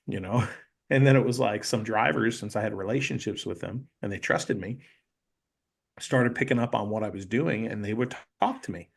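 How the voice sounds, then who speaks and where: A man guest on a podcast, telling animated stories in casual chat and acting out the people he quotes. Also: mid-range voice, brisk, creaky. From North Carolina. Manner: animated storyteller, acts out quoted voices, many "you know"s.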